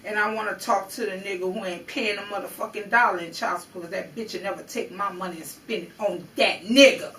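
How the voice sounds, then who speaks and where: Talking fast with hardly a pause, a woman with a mid-range, somewhat bright voice gives an emotional, confrontational rant about a news story, swearing and pulling in her own experiences. She's recorded off-mic from a distance, with roomy echo and slight background noise.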